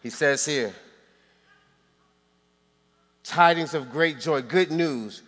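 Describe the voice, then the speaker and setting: A man preaching in a church sanctuary, his voice high and ringing bright. He calls on the congregation to answer back and drops playful asides between points. A long hall reverb trails every phrase. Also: slow, pauses often. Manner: preaching with call-and-response and joking asides. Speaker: pastor. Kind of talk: sermon.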